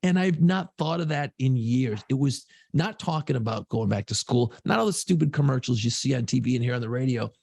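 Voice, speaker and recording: A man's voice: medium pitch, animated, fairly quick, creaky, few pauses, a little mellow, slightly rough, no room sound, studio quality. A middle-aged man co-hosting a casual podcast, telling loose, profane stories. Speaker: podcast co-host.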